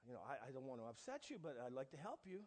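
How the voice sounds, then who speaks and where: A man's voice: medium pitch, sing-song, very fast, a little mellow, voice pushed down. A man playing a nervous carpet salesman who stammers as he tries to please a customer. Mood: placating. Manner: stammering, placating.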